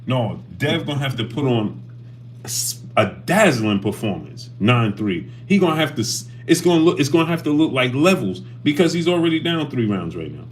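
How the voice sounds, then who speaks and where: A man's voice: medium pitch, very animated, moderate pace, a little hiss or hum. A man hosting a casual boxing livestream, talking animatedly and greeting chat viewers by name.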